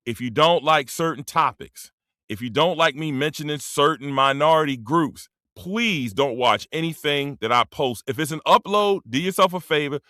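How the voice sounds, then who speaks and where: A man's voice: a little high, bright, forceful tone, dry recording, studio quality. A man around fifty, talking bluntly and profanely in a rambling casual monologue as a streamer, full of slang. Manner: drops into dialect slang.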